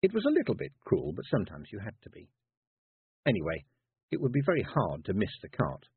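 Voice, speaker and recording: Low husky guy reading a storybook, lively ups and downs, dry tinny phone-like audio. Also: a little fast, no room sound. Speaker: audiobook narrator. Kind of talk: scripted storybook narration.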